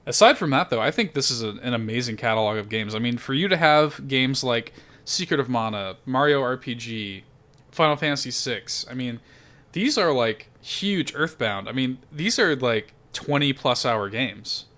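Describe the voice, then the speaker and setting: A man hosting a casual podcast chat, animated and profane, laughing often. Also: mid-range voice, moderate pace. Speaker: podcast host.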